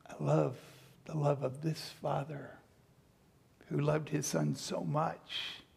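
A man delivers a sermon in an unhurried, deliberate way, his voice gravelly and a little husky. He reads scripture aloud and then retells the story with playful asides, acting out the people in it. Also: fairly high pitch, flat delivery, a little mellow. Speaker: pastor.

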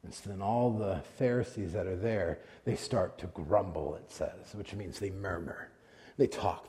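A man's voice: fairly low pitch, lively intonation, brisk, warm tone, big-room sound. A man preaching a conversational sermon, retelling scenes and acting out the quotes. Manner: storytelling with acted-out quotes, conversational. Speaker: pastor.

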